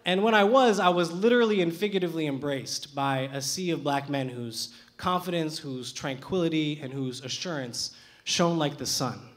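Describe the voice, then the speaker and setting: A young man with a noticeably high voice tells a true personal story live onstage. He speaks with lively, animated delivery and sharp comic timing. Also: moderate pace. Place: theater stage with audience.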